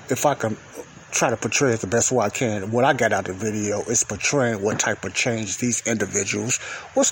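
A man's voice: fairly low pitch, rough recording. A man hosting a rambling podcast teaching outdoors at night, praying and repeating himself with many rhetorical questions. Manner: repeats phrases, asks rhetorical questions, peppers with "you know" and "okay". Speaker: podcast host and lay preacher. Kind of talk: rambling spoken teaching with prayer. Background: wind and faint outdoor ambience.

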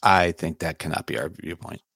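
A man co-hosting a casual podcast chat who laughs often and fires off quick agreeing replies. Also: sits low, fairly even intonation, a bit bright, no echo, clean studio sound. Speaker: podcast co-host.

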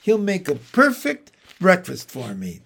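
A man's voice: high voice, wildly swooping pitch, measured pace, vocal fry, fairly bright tone, breathy edge, exaggerated voice. A man reading a storybook aloud, voicing a small, clever female spider who explains things in a cool, matter-of-fact way. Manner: cool, practical, plainly explaining.

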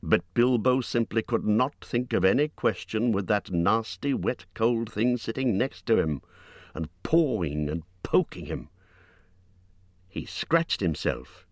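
A man narrating an audiobook in an expressive reading voice, lifting his pitch for character lines. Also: a little slow, dry recording. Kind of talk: scripted narration.

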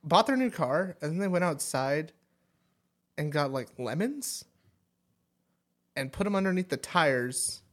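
A man's voice: fairly high pitch, animated, a little slow, long pauses. A young man co-hosting a podcast, telling casual stories, laughing and trailing off. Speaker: podcast co-host. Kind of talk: casual chat.

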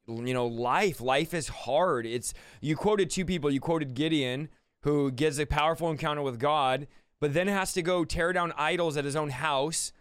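A man's voice: fairly high pitch, clear, resonant tone, no room sound. A man hosting a faith call-in livestream, reassuring a caller earnestly and retelling scripture stories. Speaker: host answering callers. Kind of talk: faith call-in show advice.

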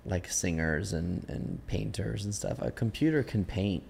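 A man's voice: low-pitched, unhurried, creaky, a little mellow, slight background noise. A man hosting a podcast, chatting casually and thinking aloud with lots of fillers. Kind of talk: casual chat.

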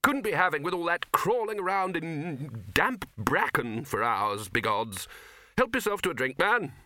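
A man voicing a bluff, hearty older wizard who heads his college, talking in a high, blustering way. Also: big pitch swings, a little slow, pushed and bright, dry recording, studio quality, heavily acted.

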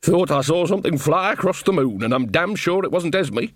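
A man's voice: on the high side, expressive, a little fast, no room sound, clean studio sound, voice pushed up. Man doing a cheeky old village witch. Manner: blunt, cheeky, rustic grammar. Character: earthy, bawdy old village witch woman.

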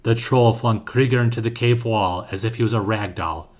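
A man narrating a scripted fantasy story with a steady, dramatic reading. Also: fairly low pitch, normal speed.

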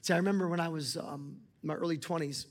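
A man in his forties preaching a sermon as a pastor, talking with passion and rising to near-shouts as he speaks to God aloud. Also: fairly high pitch, fairly even intonation, fast talker. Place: church auditorium. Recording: large hall with long reverb, music beneath.

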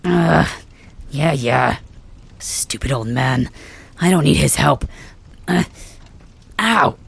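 A gruff young dragon king, voiced by a performer for an ASMR role-play, hurt and stubborn. His voice is heavily gravelly and husky, and he talks slowly and brusquely, cursing under his breath. The sound is close and dry. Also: mid-range voice, no echo, exaggerated voice. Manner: gruff, brusque, swears, hesitant fillers. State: in pain, wounded.

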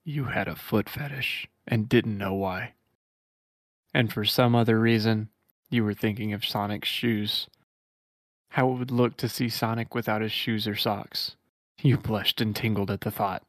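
Man reading fan fiction in a dry, deadpan voice. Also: fairly low pitch, no echo. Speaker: podcast co-host.

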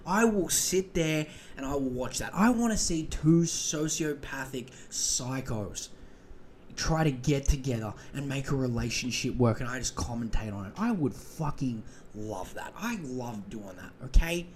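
A man's voice: medium pitch, measured pace, a little hiss or hum. Profane Australian man ranting. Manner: profane, animated, rambling. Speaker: podcast host. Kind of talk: casual comedic rant.

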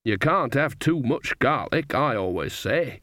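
A man's voice: mid-range voice, animated, unhurried, fairly bright tone, no echo, clean studio sound. A man voicing a cheerful, earthy old witch woman who talks boldly and mangles foreign phrases. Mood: gleeful.

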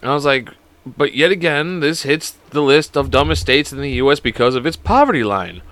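Speaking briskly with lively intonation, a male podcast host in his twenties rambles and cracks jokes on his solo show, swearing nonstop in a casual way. His voice is mid-range with a fairly bright tone.

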